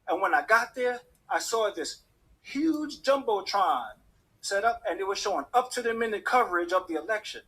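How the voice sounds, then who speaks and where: Husky high-voiced male storyteller. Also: normal speed. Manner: animated, acts out the voices of people in his story. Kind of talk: personal story told to an audience.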